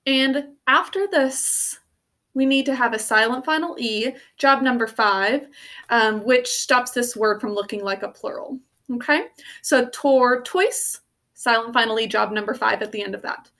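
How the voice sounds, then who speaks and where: A woman's voice: fairly high pitch, moderate pace, pushed and bright. A young woman, a teacher recording a spelling lesson for her students, patiently sounding out phonograms step by step.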